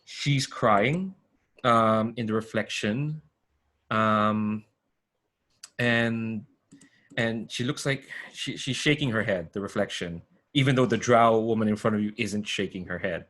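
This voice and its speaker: A man's voice: fairly low pitch, a little slow, a bit bright. A man narrating as game master, rambling with many fillers and restarts over a video call.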